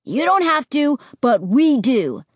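A woman's voice: high voice, big pitch swings, slow pace, no echo, studio quality, voice pushed up, full character voice. A woman voicing an impatient, headstrong young boy who talks in a demanding way.

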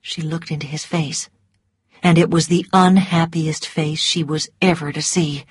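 Slow, husky woman narrating a story. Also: sits low, steady tone, dry recording, clean studio sound. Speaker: audiobook narrator.

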